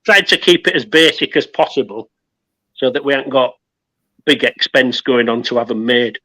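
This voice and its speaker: A man's voice: medium pitch, moderate pace, pushed and bright, no echo, low-quality recording. Rambling man explaining gear by phone. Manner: rambling, practical, explains kit step by step. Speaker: guest survivalist. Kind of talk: casual chat.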